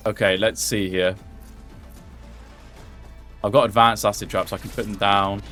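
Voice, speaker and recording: A man giving excitable, swear-laden live gameplay commentary, talking to himself and to the game character as he fights. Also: on the low side, measured pace, faint music behind. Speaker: gameplay streamer.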